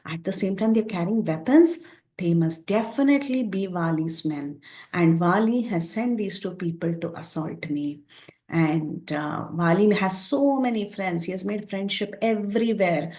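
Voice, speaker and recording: A woman leads a scripture lesson, telling the story in an animated way and acting out its dialogue. Her mid-pitched voice carries a roomy echo. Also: a little slow. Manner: animated retelling with quoted dialogue. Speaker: teacher of scripture.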